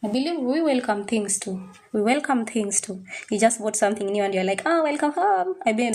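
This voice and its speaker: A young woman teaching French, patiently repeating words slowly and checking that the class follows. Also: a little high, darkish tone. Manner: patient, drills pronunciation slowly, checks understanding. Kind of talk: online language lesson.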